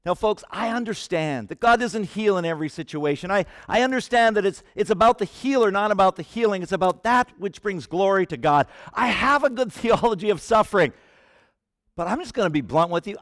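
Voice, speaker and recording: High-pitched guy preaching hard, drops quiet then shouts, dry close sound. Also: animated, a little fast, no echo. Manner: impassioned, swinging from hushed to shouting. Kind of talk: sermon.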